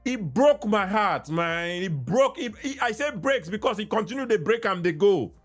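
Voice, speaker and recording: A man's voice: high voice, lively intonation, moderate pace, soft background music. A man with a Nigerian accent, hosting a podcast in impassioned solo commentary, ranting and repeating himself as he mixes in Pidgin. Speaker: podcast host.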